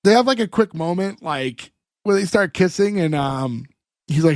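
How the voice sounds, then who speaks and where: A podcast co-host with a high-sitting voice speaks at a moderate pace, recorded in a clean studio with no echo. He casually recaps a sitcom episode in an animated way, acting out the lines he quotes.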